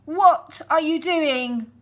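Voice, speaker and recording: A woman voicing a sly big bad wolf who talks slowly and sweetly. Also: sits high, fairly bright tone, pitched above the performer's own voice, full character voice. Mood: coaxing. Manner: slow, sweet, coaxing tones.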